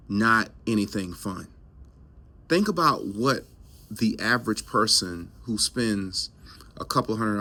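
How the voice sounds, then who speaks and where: A man's voice: deep voice, sharp tone. A man hosting a health show, giving an emphatic, preachy motivational talk full of rhetorical questions and repetition. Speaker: health coach host. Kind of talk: motivational monologue to camera.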